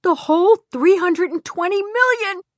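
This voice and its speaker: An excitable middle-aged woman, voiced by the female narrator, speaks with a raised, animated voice that is often loud and exasperated. The read is close and dry. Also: on the high side, measured pace, no room sound, voice pushed up. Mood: jubilant.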